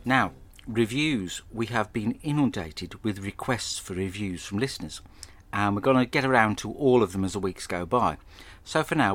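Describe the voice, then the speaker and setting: A man's voice: fairly low pitch, a bit bright, dry recording. A man hosting a solo film podcast, telling the plot in a blunt, sweary and jokey way. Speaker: podcast host. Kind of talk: casual solo film review.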